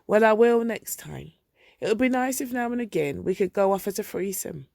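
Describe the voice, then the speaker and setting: A woman's voice: medium pitch, lively intonation, normal speed, gravelly, darkish tone, no room sound, clean studio sound. A woman reading a dramatic monologue, voicing a fretful elderly mother in her seventies who scolds and sulks. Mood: coaxing. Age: 70s. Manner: scolding, wounded, accusing.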